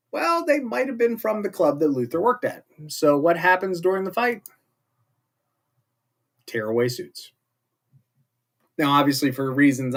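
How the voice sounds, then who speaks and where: A man casually recapping TV episodes as a show host, chatty and rambling with jokey asides. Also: a little high. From not British.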